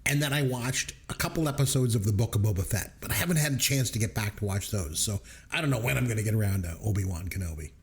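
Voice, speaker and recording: A man's voice: fairly low pitch, expressive, fast talker. A man co-hosting a casual podcast, making playful jokey asides. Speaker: podcast co-host. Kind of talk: casual chat.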